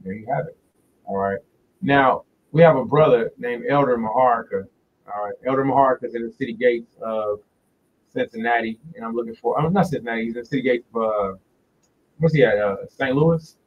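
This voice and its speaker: A man giving a casual religious teaching on a livestream, talking loosely and repeating words slowly, into a phone in front of him. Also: mid-range voice, recorded from a distance, dull audio, slight background noise. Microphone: phone directly in front of him.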